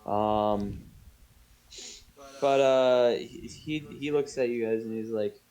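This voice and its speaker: A man's voice: medium pitch, slow pace, dark tone, rough recording. A man narrating a tabletop game as game master, rambling with many fillers. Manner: rambling, full of fillers and restarts.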